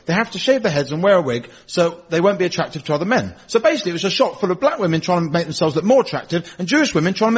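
An English man performing a scripted stand-up monologue with dry, deadpan storytelling on a radio comedy show. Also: high-pitched, breathy edge. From England. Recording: dull lo-fi radio recording.

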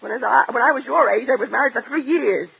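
Scolding middle-aged mother, high husky voice, rough gravelly edge, old radio play, muffled lo-fi sound. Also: fast talker, a little hiss or hum. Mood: nagging. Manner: nagging, relentless. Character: nagging middle-aged mother, scolding her grown daughter. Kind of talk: 1940s radio acting. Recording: dull lo-fi old radio recording.

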